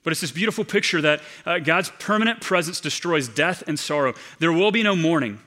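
Guy preaching a sermon, kinda high voice, bright and punchy, earnest, drags out the big lines. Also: lively intonation. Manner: earnest, slows down to stress key phrases. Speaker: pastor.

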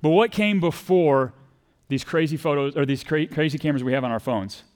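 In a brisk, a little mellow voice on the high side, a Texas-accented pastor preaches conversationally. He performs quoted voices and poses questions to the congregation.

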